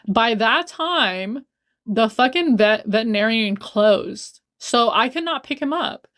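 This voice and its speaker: A woman's voice: fairly high pitch, animated, slow pace, a bit bright. A young woman livestreaming a casual storytime, blunt and profane, heated and repeating herself for emphasis. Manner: blunt and profane, swears a lot.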